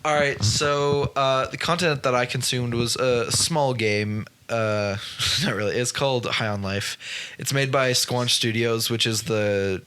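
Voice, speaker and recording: A man's voice: mid-range voice, fairly even intonation, unhurried, sharp tone, slight background noise. A man co-hosting a casual podcast, reading his award picks and talking loosely, often stumbling over names and apologizing. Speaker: podcast co-host. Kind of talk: casual chat.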